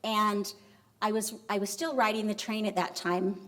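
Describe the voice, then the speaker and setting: A middle-aged woman giving a lecture, telling a story in an animated way and acting out the dialogue. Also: mid-range voice, moderate pace. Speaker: university vice president giving a lecture.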